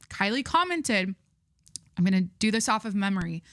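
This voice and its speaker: Young adult woman podcast host; bright voice, dry close sound; rambling, gushing, candid delivery. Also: mid-range voice, very animated, normal speed, no echo. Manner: rambling, chatty, frequent fillers and restarts; gushing, candid, swears casually. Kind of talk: casual chat.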